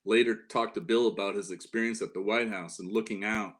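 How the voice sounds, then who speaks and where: A middle-aged man with a fairly low voice, from Upstate New York, recounts stories as an interview guest. He talks casually and rambles, looping back with "you know" and restarting sentences as he goes. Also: fairly even intonation, fairly quick, fairly bright tone. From Upstate New York, near Lake Ontario. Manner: rambling anecdotes with many fillers and restarts. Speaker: interview guest, former White House staffer.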